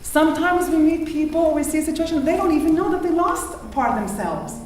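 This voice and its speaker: A rabbinic teacher from Israel leads a text study in quick, animated bursts full of questions. Her voice sits a bit high. She is heard from a distance in a strongly echoing hall. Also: a little hiss or hum. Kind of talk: interactive text study lecture. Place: large synagogue hall. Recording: echoey hall, mic far off.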